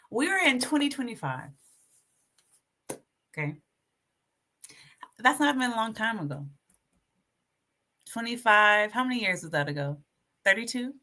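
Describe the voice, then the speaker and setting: A woman hosting a casual livestream, chatty and animated, reading aloud from her notes while sharing her screen. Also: on the high side. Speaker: livestream host.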